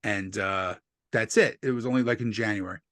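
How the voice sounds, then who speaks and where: Profane New Jersey comic, low dry voice. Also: male voice, moderate pace, dry recording. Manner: profane, animated storyteller acting out quotes. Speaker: stand-up comedian guest. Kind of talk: casual podcast storytelling. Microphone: desk USB microphone.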